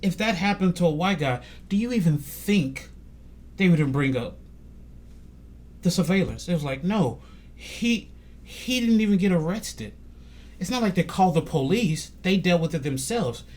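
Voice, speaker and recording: Animated male podcast storyteller. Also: normal speed. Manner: animated storytelling, quotes others in lowered voice. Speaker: podcast host. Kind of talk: casual conversation.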